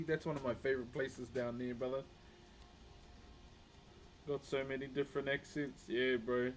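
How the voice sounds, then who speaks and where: Pausing often at an otherwise normal speed, a mid-range New Zealand voice chats with his stream while working on wood carving. He keeps an even, level tone and a laid-back manner, greeting viewers as bro.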